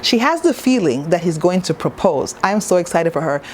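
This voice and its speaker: A woman's voice: fairly low pitch, very animated, fairly quick, a little hiss or hum. A woman talking to camera in a casual review vlog, chatty and playful, with asides to the viewer. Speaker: TV show reviewer.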